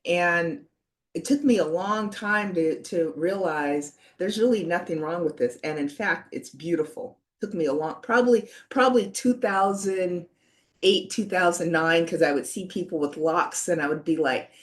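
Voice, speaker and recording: An older woman in her sixties speaks from a video call, with a voice that sits a little on the low side. She tells her story in an earnest, halting way, circling back with "you know" and small restarts. Her delivery feels reflective and personal. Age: 60s. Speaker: panelist sharing a personal story.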